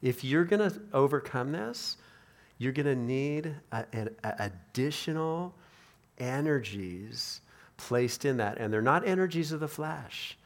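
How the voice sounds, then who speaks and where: A man's voice: mid-range voice, expressive, unhurried. A man preaching a sermon as a pastor, conversational, with restarts and voiced prayers of his hearers.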